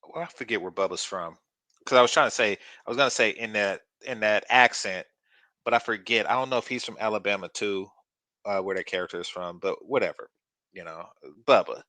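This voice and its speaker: A blunt, crude man hosts a reaction commentary, mocking what he has just watched. His voice is fairly low but bright and forceful, recorded close and dry. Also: brisk, no echo. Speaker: commentary channel host.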